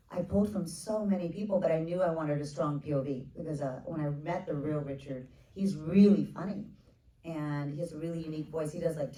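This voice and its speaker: A woman in her forties, a film director, telling stories at a casual onstage Q&A in a low voice. She slips in quick asides and acts out what others said. The sound is roomy, like a theater heard from a distance. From United States. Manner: animated storyteller, quick asides, acts out others with bursts of laughter. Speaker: film director answering questions. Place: theater stage with audience.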